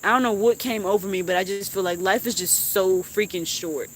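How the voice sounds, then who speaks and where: A woman's voice: medium pitch, brisk, a little hiss or hum. Emotional young woman venting on a live stream. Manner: heartfelt and animated, swearing and laughing. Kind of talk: emotional casual chat.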